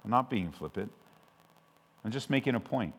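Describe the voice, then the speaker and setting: A man from Southern California preaching a sermon as pastor, conversational with frequent restarts, swelling loud when he quotes scripture. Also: fairly low pitch, lively intonation, normal speed. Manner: conversational and self-interrupting, with restarts. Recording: long hall reverb.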